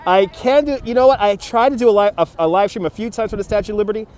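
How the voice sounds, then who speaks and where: New guy doing a live walking stream outside, bit of a higher voice, chatty, reads out comments, laughs a lot, phone mic. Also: fast, a little mellow. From New York City. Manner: chatty, greets viewers by name, laughs easily. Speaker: livestream host. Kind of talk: live walking-tour chat reading viewer comments. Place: outdoors on a city riverfront. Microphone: phone on a handheld gimbal.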